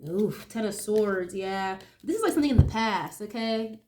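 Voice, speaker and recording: A woman's voice: medium pitch, expressive, moderate pace, a little mellow. A young woman doing a casual tarot reading, chatty and sniffly as she gets over a cold, often checking in with "okay?". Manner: chatty, keeps asking okay, swears casually. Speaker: tarot reader.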